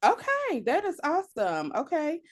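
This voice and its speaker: A woman's voice: sits high, huge pitch swings, normal speed. Bubbly, hyped woman host. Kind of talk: casual interview hosting.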